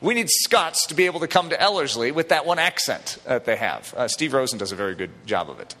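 A middle-aged male pastor preaching a lively, joking sermon in a church that turns to emphatic declarations. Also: mid-range voice, fast talker. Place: church sanctuary. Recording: long hall reverb.

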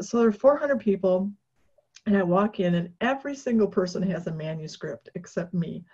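A woman guest in an interview, telling a personal story in a casual, animated way with many fillers and restarts, often laughing. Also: on the low side. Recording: dull lo-fi recording.

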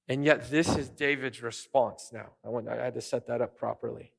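A man preaching an earnest, animated sermon as pastor, often restarting his phrases. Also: a little high, fast talker, creaky, hardly any pauses, in a large hall.

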